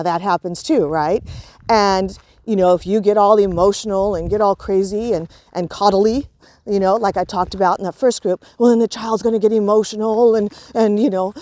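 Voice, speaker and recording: A woman teaching in a relaxed, conversational way, her voice mellow and warm. She leans on fillers like "you know" and "right" and acts out gentle talk to a child as she explains. The sound is dry and close, with no room around it. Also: mid-range voice, dry recording. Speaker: parenting and emotions teacher. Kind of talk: informal spoken lesson.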